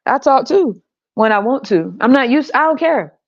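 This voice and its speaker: In a slightly dull recording, a woman with a high-sitting voice hosts a podcast, ranting casually on her own at a moderate pace. She's profane and animated, with frequent laughter.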